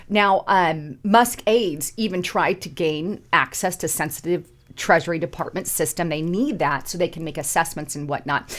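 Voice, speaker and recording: A middle-aged woman hosting casual political commentary, emphatic, repeating words and rising sharply to stress points. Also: on the low side.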